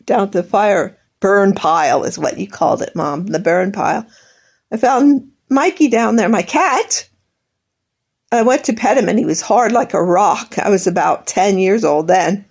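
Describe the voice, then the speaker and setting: A woman's voice: medium pitch, animated, measured pace. An older woman in a bitter, sarcastic personal monologue, airing grievances at her absent family. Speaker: vlogger.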